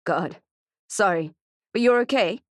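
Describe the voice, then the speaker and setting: A woman voicing Keke, a tough, frantic female friend who talks bluntly and swears, in a dark thriller audiobook. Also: mid-range voice, lively intonation, unhurried, no echo, studio quality, close to an everyday voice. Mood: urgent.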